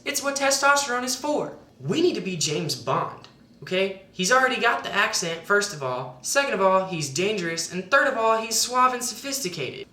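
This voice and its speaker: A woman's voice: on the high side, pushed and bright, reverberant. A woman narrating satirical mock dating advice in a sarcastic, mock-authoritative tone.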